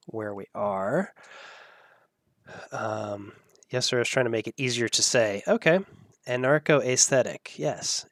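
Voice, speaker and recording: A man's voice: mid-range voice, fairly bright tone, no room sound, studio quality. A man hosting a live audio editing tutorial, thinking aloud as he works and laughing at the clips. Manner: musing, thinking aloud while working. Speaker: host.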